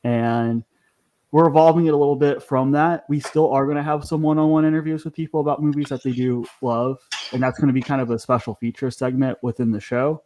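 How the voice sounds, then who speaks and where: A man's voice: medium pitch, steady tone, brisk, dark tone, a little hiss or hum. A man hosting a podcast, talking casually and chattily, with frequent ums and restarts. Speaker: podcast host.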